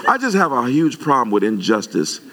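A male pastor delivering an animated sermon, his pitch jumping up when he gets worked up. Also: fairly quick, a faint crowd.

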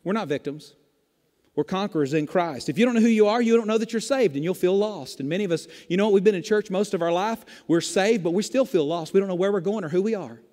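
A male pastor with a notably high voice delivers an emphatic sermon, driving points home with rhetorical questions and repetition. His voice rings out with a long reverb from a large church sanctuary. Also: fast talker, darkish tone.

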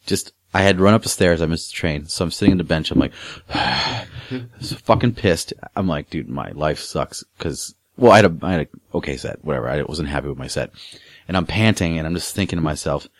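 A man telling a crude story in casual chat, swearing a lot and acting out quotes loudly. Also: low voice, fast talker, no echo, clean studio sound.

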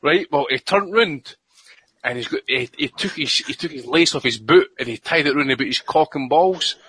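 A man's voice: fairly high pitch, lively intonation, normal speed, a bit bright, breathy edge, no room sound, rough recording. Profane Scottish man telling rowdy stories. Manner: profane, rambling, laughs through his stories. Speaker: podcast co-host. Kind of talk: crude storytelling in casual chat.

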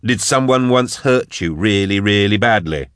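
A man voicing a prickly, defensive older male biologist in an audiobook, talking quickly and indignantly. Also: lively intonation, a bit bright, no room sound, clean studio sound. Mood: irritated. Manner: indignant, quick, higher pitched. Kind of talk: audiobook narration.

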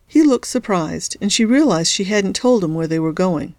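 A woman's voice: medium pitch, animated, moderate pace, few pauses, a little mellow, dry recording, clean studio sound. A woman hosting a story podcast, reading narration and adding casual, wry comments.

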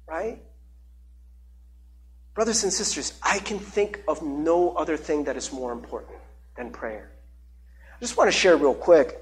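A man's voice: on the high side, animated, moderate pace. A man preaching a conversational sermon as pastor, with many fillers and repeated words.

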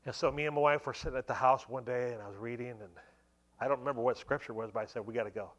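A man's voice: medium pitch, fairly even intonation, fast talker, a bit bright, highs cut off. A man in his forties giving a church testimony, telling the story conversationally and filling it with many asides. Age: 40s. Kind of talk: sermon testimony.

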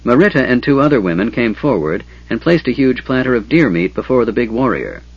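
A man reading a fantasy novel aloud in a steady, measured storytelling voice. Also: medium pitch, slightly rough. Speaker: audiobook narrator. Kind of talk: scripted fantasy narration. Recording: dull lo-fi audiobook recording.

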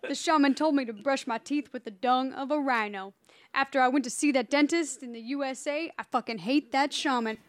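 A woman's voice: sits high, fairly quick, dry recording, lightly acted. A woman voicing a boastful rapper, delivering the lines in a rhythmic rap style. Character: rapping woman boasting in rhyme.

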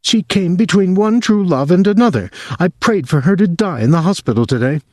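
A man's voice: animated, a little fast, darkish tone, no room sound, clean studio sound. A man putting on an obsessed young woman. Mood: intense. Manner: high, urgent, insistent.

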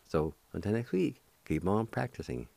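A middle-aged man hosting a radio language lesson, patiently spelling out letters one by one and repeating each word slowly. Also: deep voice, very animated, creaky, dark tone, no echo. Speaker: radio host teaching the language.

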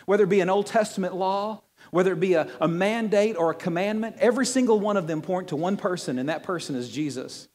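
High-voiced pastor preaching in a reverberant hall. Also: male voice, quick pace, few pauses. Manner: animated, joking, repeats words. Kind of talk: sermon. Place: church hall with audience.

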